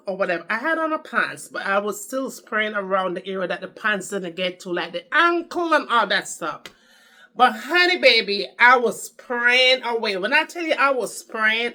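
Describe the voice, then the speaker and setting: A woman's voice: mid-range voice, bright, forceful tone. A woman with a Jamaican accent chatting to camera as a vlogger, telling her story in a chatty, dramatic way. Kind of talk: casual chat to camera.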